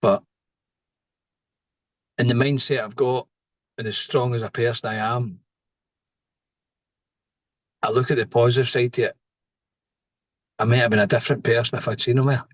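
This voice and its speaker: A man's voice: medium pitch, steady tone, normal speed, pauses often, dry recording, rough recording. A middle-aged Scottish man, a podcast guest, telling a personal story in a rambling way, often tagging lines with "right?". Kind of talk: casual storytelling.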